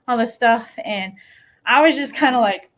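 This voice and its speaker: A woman's voice: a little high, normal speed, fairly bright tone. Upbeat laughing middle-aged American woman. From New Mexico, USA. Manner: laughs often while telling hard news, upbeat. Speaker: podcast guest, dirt bike rider. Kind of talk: casual interview storytelling.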